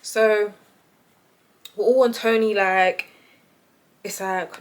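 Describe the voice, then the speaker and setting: A young woman who tells a story in a casual, animated, chatty way and laughs often. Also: medium pitch, slow pace. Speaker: vlogger.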